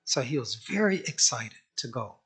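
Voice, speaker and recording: A man's voice: mid-range voice, animated, moderate pace, fairly bright tone, husky. Brief: male eulogist, anecdotal, apologetic, laughs along. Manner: apologetic, chuckling storyteller. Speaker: speaker at a memorial.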